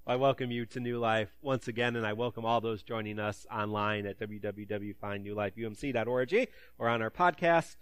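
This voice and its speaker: A man's voice: mid-range voice, a bit bright, no echo. A man preaching a sermon and reading scripture, conversational with joking asides, acting out the voices he quotes. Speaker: pastor.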